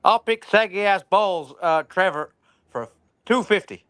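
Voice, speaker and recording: A man's voice: sits high, unhurried, fairly bright tone, clear, resonant tone. A man joining a casual livestream chat as a guest, joking playfully. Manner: jokey, playful drawl.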